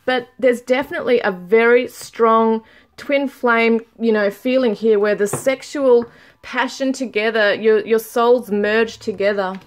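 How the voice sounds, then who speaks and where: A woman's voice: on the high side, fairly even intonation. Chatty woman reading tarot cards. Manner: chatty, laughs often, reads card messages aloud slowly. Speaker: tarot reader. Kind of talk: casual tarot reading to viewers.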